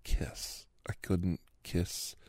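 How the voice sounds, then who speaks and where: A man hosting an ASMR podcast in a whispered role-play, rambling softly between a low voice and a whisper, recorded close in a quiet room. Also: very slow, no room sound. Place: quiet room near railway tracks.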